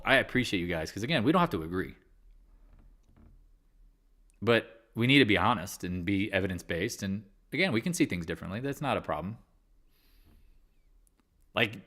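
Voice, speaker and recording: Candid and rambling, a man runs a live market chat as a livestream trading host, swearing casually. His voice is mid-range with a fairly bright tone.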